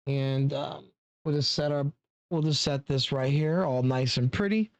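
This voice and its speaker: Casual wine-tasting host, easygoing and talkative, mid-pitched voice, close and dry sound. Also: a little slow, dry recording, muffled recording. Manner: chatty and relaxed, many fillers, talks straight to viewers. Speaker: wine reviewer.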